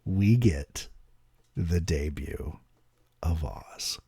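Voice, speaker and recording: A young adult man co-hosting a casual podcast chat, telling stories in an animated, profane way. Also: a bass voice, very slow, creaky, slightly rough, dry recording, studio quality. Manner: animated, profane storytelling with voices. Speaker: podcast co-host.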